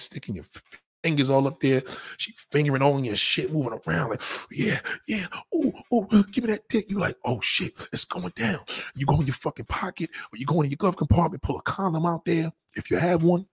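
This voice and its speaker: A man delivering a crude, profane comic rant, animated and acting out the people he talks about. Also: mid-range voice, slightly rough. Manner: profane, animated, acts out voices. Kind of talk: crude stand-up style rant.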